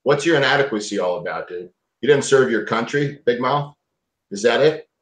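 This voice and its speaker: A man argues in a fierce, profane rant, talking over others. His voice sits at a middle pitch. It comes through with a roomy echo. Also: lively intonation, normal speed. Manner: profane, confrontational, shouting down others. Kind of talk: heated argument. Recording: echoey room.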